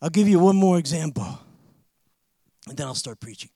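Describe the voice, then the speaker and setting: At an ordinary pace, a man with a high voice delivers a sermon, narrating a story in a lively way before climbing into forceful proclamations. There is almost no room echo in the close, dry sound.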